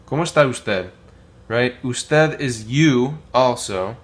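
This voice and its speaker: A man teaching a casual language lesson, modelling phrases slowly with many pauses and filler words. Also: mid-range voice, animated. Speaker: Spanish teacher.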